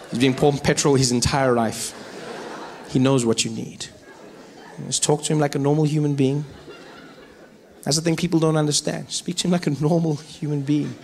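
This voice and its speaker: High-voiced South African comedian. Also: male voice, a little hiss or hum. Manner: animated, switches into voices. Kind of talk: stand-up storytelling.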